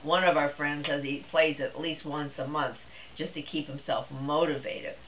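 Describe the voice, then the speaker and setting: A woman's voice: low-pitched, flat delivery, moderate pace, a little hiss or hum, poor audio. A middle-aged woman vlogger talking to camera in a chatty, rambling way, with plenty of fillers. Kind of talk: casual monologue to camera.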